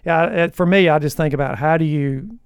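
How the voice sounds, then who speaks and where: Gravelly man musing on a podcast. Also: fairly high pitch, a little fast, no echo, studio quality. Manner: reflective, hesitant, trailing and restarting thoughts. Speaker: podcast co-host. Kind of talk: conversational leadership podcast.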